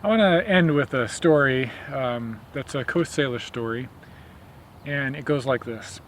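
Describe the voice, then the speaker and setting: A man's voice: mid-range voice, unhurried, fairly bright tone, a little hiss or hum. A man teaching a botany field lesson outdoors among trees, explaining in a friendly way and telling a folk tale.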